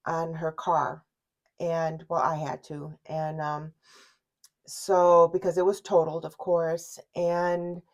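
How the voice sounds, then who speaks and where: A middle-aged woman telling a family story, halting and full of fillers and restarts, close to tears. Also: mid-range voice. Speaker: mother telling her daughter's story. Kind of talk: emotional personal storytelling.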